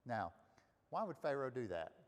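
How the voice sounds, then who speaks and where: A man's voice: mid-range voice, big pitch swings, moderate pace, in a large hall. A man leading a Bible study, teaching casually and asking the group questions. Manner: conversational, asks the group questions. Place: room with a group of listeners.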